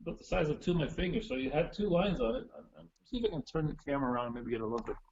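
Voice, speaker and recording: A man's voice: on the high side, very fast, vocal fry, a little mellow, muffled recording. A man in casual chat, explaining old music gear in a chatty way with restarts, heard over a call. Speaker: guest musician. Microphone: phone or video call.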